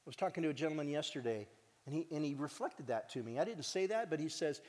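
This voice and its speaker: A man's voice: on the high side, fast talker. Earnest man speaking in a reverberant hall. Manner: earnest, animated, jokes with the audience. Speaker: executive director giving a conference talk. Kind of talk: heartfelt conference address.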